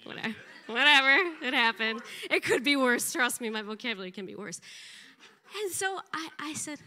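A middle-aged woman giving an animated, self-deprecating church testimony, laughing often. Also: a little high, brisk. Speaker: pastor's wife giving a testimony.

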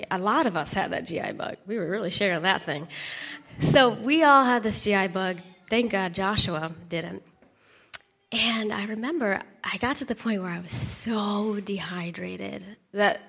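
A middle-aged woman, a pastor's wife, telling her testimony to a congregation in an animated way, laughing and dropping into whispered asides. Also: medium pitch, long reverb tail. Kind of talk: church testimony.

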